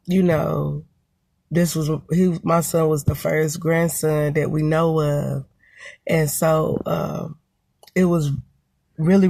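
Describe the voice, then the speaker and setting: A woman's voice: low-pitched, creaky, a little mellow, dry recording. A woman in her thirties telling a personal story to her camera, reflective and full of "you know" and "um". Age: 30s. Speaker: mother and vlogger.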